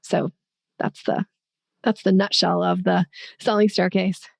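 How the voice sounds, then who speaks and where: Woman sales coach, gravelly edge, dry close sound; teaches in clear steps, chatty and energetic. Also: on the low side, measured pace, dry recording. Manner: clear step-by-step teaching, lively and conversational. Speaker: sales coach and podcast guest. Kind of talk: explaining a sales method in conversation.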